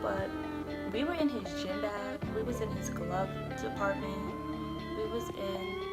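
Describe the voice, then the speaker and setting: A woman's voice: medium pitch, expressive, unhurried, over loud music. Young woman spilling a story, super chatty, lots of likes and ums, swears a bunch. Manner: chatty, swears freely, many fillers. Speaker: vlogger. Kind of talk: casual storytelling.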